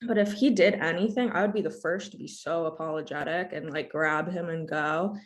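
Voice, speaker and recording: A young woman co-hosting a podcast, chatting casually and telling an animated story, acting out both sides of an argument. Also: low voice, brisk. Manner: animated storytelling, acts out quoted exchanges. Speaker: podcast co-host. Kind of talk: casual chat.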